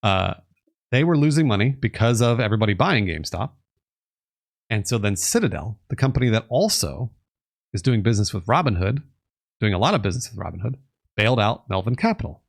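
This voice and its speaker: A man's voice: lowish voice, very animated, fairly quick, gravelly. A man casually explaining on a live stream, reading bits of articles aloud and rambling with restarts and the odd curse word. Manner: rambling, reads articles aloud, restarts and fillers, occasional swearing.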